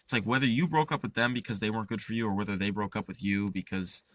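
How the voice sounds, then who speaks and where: A man's voice: lowish voice, steady tone, fast talker, no room sound. A young man talking in a casual, earnest way, rambling with lots of fillers and restarts as he gives advice. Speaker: podcast host.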